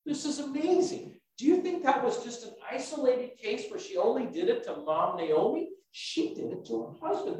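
A man's voice: extremely high pitch, a bit bright. Preaching man in an echoey hall. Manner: preaching with emphatic rising bursts and repetition. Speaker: pastor. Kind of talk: sermon. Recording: echoey room, speaker far from mic.

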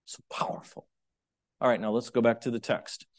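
A man's voice: medium pitch, little pitch movement, fast, a little mellow. A man preaching a sermon, conversational and confessional, with dynamic swings from emphatic peaks to near-whispers. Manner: conversational and confessional, acts out his own inner thoughts.

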